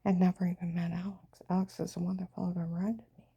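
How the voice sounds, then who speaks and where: A woman's voice: on the low side, level tone, fast talker, gravelly, mellow, breathy edge. A woman telling a rambling, agitated personal story, often dropping into a half whisper.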